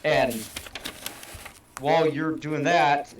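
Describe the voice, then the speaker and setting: A man's voice: on the high side, fairly even intonation, slow pace, far from the mic, slight background noise. A man on a talk show panel, explaining his point in a rambling way with restarts. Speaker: panel guest. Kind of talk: casual panel discussion. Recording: echoey room, voice off-mic.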